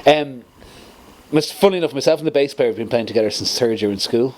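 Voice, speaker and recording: Middle-aged male musician, animated storyteller. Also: medium pitch, fast, crowd noise. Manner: animated storytelling, laughs often. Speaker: band guitarist. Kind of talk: casual interview chat.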